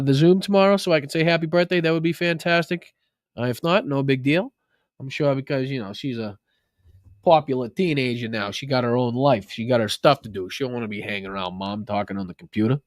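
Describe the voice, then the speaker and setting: A sarcastic, foul-mouthed man with a Boston accent hosts a political livestream, mixing mockery with thank-yous to viewers. His voice sits in a middle pitch. The sound is dry and close, with no room around it. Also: no room sound. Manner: profane, sarcastic, mocking. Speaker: political commentary host. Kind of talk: livestream commentary and reading viewer donations.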